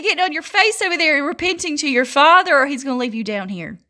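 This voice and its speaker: A woman with a high, bright, sharp voice delivers a fervent religious monologue as a self-styled prophetess. She scolds and mocks her listeners and keeps breaking into laughter mid-sentence. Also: animated, fast, few pauses.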